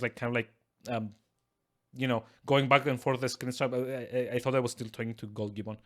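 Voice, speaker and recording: A man live-streaming a game from his desk, talking casually to viewers. He rambles, stumbles over his words and restarts his sentences. He chuckles often, and his voice sits at a middling pitch. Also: fairly bright tone. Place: at his desk with two screens.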